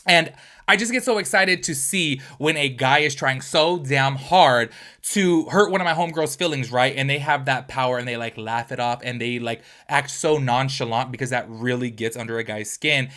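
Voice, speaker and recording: Hosting a reaction video, a man chats in an animated, gossipy way, dropping "like" and "y'all" constantly. He has a medium-pitched voice and a moderate pace.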